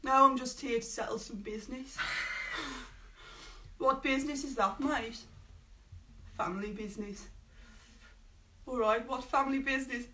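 A woman voicing a tough male gangster in a put-on Birmingham accent, clipped and gruff. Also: high voice, steady tone, normal speed, pauses often, bright, forceful tone, distant mic, a little hiss or hum. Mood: menacing.

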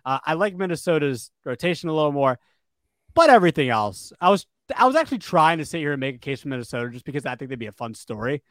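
A man's voice: fairly high pitch, big pitch swings, fast talker, dry recording, clean studio sound. A man co-hosting a casual sports podcast, rambling with fillers and restarts. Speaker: podcast co-host.

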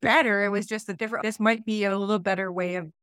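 A woman's voice: mid-range voice, fairly even intonation, fast talker, a bit bright, clear, resonant tone, no echo, studio quality. A young woman from Eastern Ontario co-hosting a podcast, talking in a rambling, self-correcting, conversational way. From Eastern Ontario, Canada. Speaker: podcast co-host. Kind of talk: casual podcast discussion.

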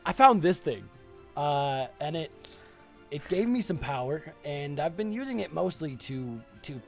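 A man's voice: on the high side, very animated, a little slow, creaky, muffled recording, faint music behind, heavily acted. A man voicing a friendly, rambling male bartender in a tabletop game. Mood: earnest. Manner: rambling, eager to help. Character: friendly hesitant male bartender with magic sword.

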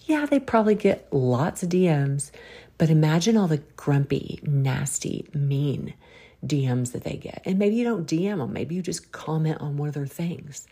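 A woman's voice: deep voice, lively intonation, normal speed, dark tone, slightly rough. A woman with a Southern drawl hosting a podcast, giving folksy, preachy faith-based encouragement. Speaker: podcast host.

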